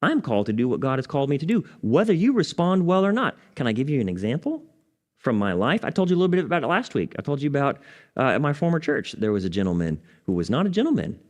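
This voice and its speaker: A man pastor, teaching a Bible study and telling a personal story, dropping low and soft at solemn moments. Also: big pitch swings, quick pace. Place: church.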